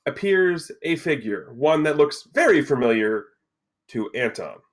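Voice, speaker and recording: A man narrating a tabletop game as game master, setting scenes in a lively, casual way with asides. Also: fairly high pitch, unhurried.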